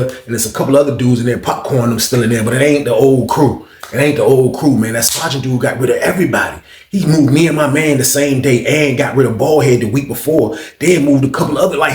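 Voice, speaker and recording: A man's voice: medium pitch, a little hiss or hum. Slangy man telling a story, echoey room. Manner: slangy, animated, acts out other voices. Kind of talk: casual storytelling. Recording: roomy echo.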